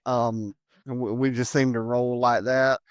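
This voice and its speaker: A man from the United States hosts a podcast in a loose, joking chat. His voice is smooth and clear, and the sound is dry and close. He laughs easily between his lines. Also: medium pitch, flat delivery, a little slow, no room sound. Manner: jokey and chatty, laughs often. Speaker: podcast host. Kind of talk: casual chat.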